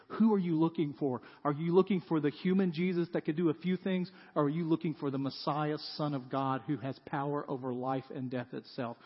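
A man preaching, voicing a calm, earnest male teacher asking probing questions. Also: fairly high pitch, husky. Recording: dull sound with long hall reverb.

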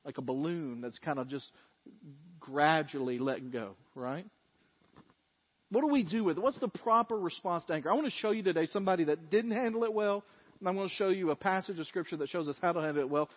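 A man's voice: a little high, a little fast, big-room sound, lo-fi sound. A male pastor preaching a sermon to his congregation in a folksy, conversational way, with asides to the listeners. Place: church sanctuary.

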